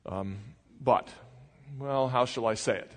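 A man's voice: medium pitch, slow pace. Man preaching in a reverberant hall. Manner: conversational, asks the congregation questions. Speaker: pastor. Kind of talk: sermon. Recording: long reverb of a large hall.

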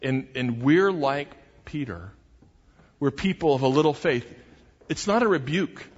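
A man's voice: mid-range voice, expressive, measured pace, breathy edge. A man preaching a sermon as pastor, earnest and emphatic, often restarting his phrases. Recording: dull recording with long hall reverb.

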